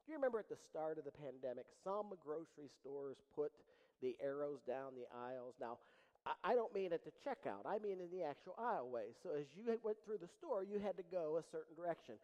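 A man preaching a sermon as pastor, animated, with dramatic pauses and rising emphasis. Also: on the high side, big-room sound, dull audio.

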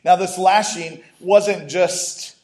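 A man's voice: sits high, fairly even intonation, slow, darkish tone. A man preaching a sermon as a pastor, conversational, breaking off into humorous asides and restarts.

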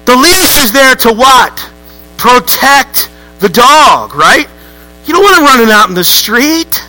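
A man preaching a lively, joking sermon to a church congregation. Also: very high voice, a little slow, soft background music, poor audio. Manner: lively, joking, acts out voices with rising outbursts. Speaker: pastor.

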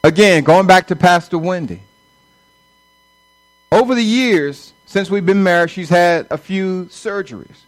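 Middle-aged male pastor, high-pitched, conversational sermon delivery. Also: a little slow, low-quality recording. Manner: conversational preaching, acts out quoted voices.

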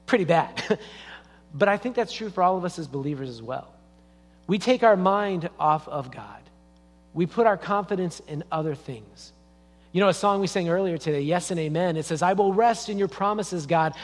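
A man preaching a sermon as a pastor in a church, in a conversational storytelling way. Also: sits high. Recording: long reverb of a church hall.

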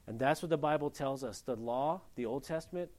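A man preaching a sermon in a plain-spoken, folksy way. He swings between loud, emphatic rises and quiet, low asides. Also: fairly quick.

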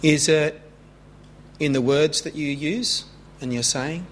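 A man preaching a sermon in an earnest way, rising in pitch when he stresses a point. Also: slight background noise. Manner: earnest, rising with emphasis, slow deliberate preaching. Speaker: pastor.

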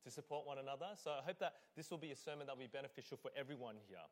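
A man's voice: medium pitch, racing. A man, a lead pastor and a parent, preaching a conversational sermon in church with frequent fillers. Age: adult parent. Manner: conversational, with fillers; acts out scenes.

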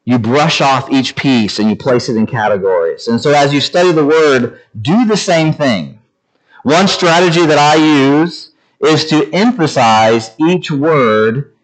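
A man preaching a sermon, slowing down to stress each word and shifting his delivery as he teaches. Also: mid-range voice, low-quality recording. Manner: slow deliberate emphasis on each word, varied delivery. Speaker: pastor.

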